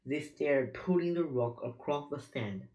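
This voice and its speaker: A reader slowly reading a children's chapter book aloud, stumbling over words now and then. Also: medium pitch, expressive, dark tone, low-quality recording. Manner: slow, halting reading with slips.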